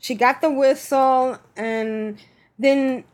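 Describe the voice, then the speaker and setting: A woman's voice: high voice, fairly even intonation, takes it slowly, a little mellow. A woman co-hosting a podcast in playful, casual chat, laughing often. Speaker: podcast co-host.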